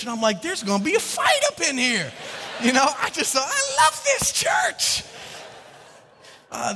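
A man with a high voice preaches a sermon in a reverberant church hall. He tells a story with animated delivery and stammered restarts. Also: a little hiss or hum. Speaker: pastor.

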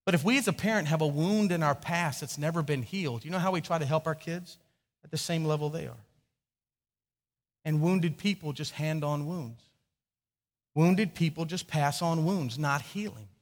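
A man with a high-pitched, slightly bright voice preaches a sermon as pastor, telling stories with animation, acting out quotes and often restarting his sentences. A long hall reverb colors the recording.

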